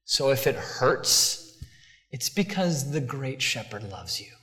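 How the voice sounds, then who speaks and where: An animated male pastor preaching in a bright, ringing voice that swings widely in pitch. He talks conversationally, with asides to the congregation. The sound carries a long reverb from a big hall. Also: takes it slowly. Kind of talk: sermon.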